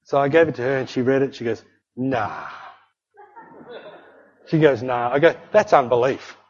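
A man preaching a sermon, telling a personal story and acting out the dialogue with a husky voice. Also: medium pitch, racing, darkish tone. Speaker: pastor. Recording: dull lo-fi recording.

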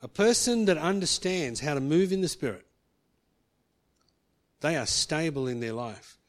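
A man with a slightly high voice preaches a sermon to a congregation. He tells a personal story and stops to ask the listeners questions. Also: expressive, measured pace.

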